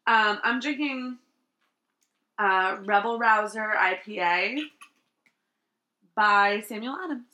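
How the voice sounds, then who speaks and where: A woman's voice: mid-range voice, takes it slowly, pauses often, sharp tone, echoey room. A young adult woman, a teacher and podcast co-host, chatting casually and a little tipsy, giggling and rambling with plenty of fillers. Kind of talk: casual chat.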